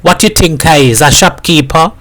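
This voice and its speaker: Man doing a cranky mom voice, sarcastic, island dialect, bit higher pitched. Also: moderate pace, a bit bright, a little hiss or hum, natural voice. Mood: scolding. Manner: sarcastic and scolding, Caribbean dialect. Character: sharp-tongued, impatient young mother.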